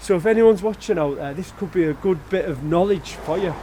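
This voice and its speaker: Man, 40s, high voice, mellow, chatty car dealer, friendly advice. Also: fairly quick, a little hiss or hum, poor audio. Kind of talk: casual presenting to camera.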